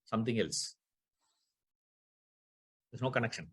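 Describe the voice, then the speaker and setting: Husky man teaching a scripture class. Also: lowish voice, expressive, measured pace, fairly bright tone. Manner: asks the class rhetorical questions, repeats key terms. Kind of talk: explaining Sanskrit grammar in a class.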